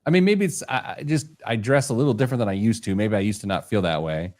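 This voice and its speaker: A man's voice: lowish voice, fast, darkish tone. A man hosting a casual podcast, joking at his own expense and tripping over his words. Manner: jokey, self-deprecating, stumbles over words. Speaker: show host.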